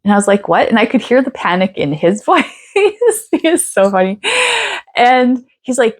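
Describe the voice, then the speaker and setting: A woman's voice: mid-range voice, animated, moderate pace. A woman vlogger telling a personal story in a chatty way, laughing often and acting out quoted lines. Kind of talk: casual storytelling to camera.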